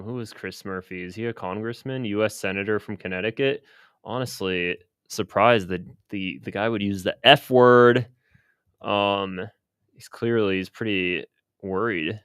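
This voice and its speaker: A man's voice: low-pitched, a bit bright, clear, resonant tone, no room sound, clean studio sound. A man giving casual, rambling commentary on news clips, hesitant and full of restarts. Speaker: political commentator.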